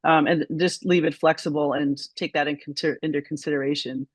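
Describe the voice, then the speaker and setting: A committee chair guiding a meeting in a calm, measured way. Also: medium pitch, dry recording.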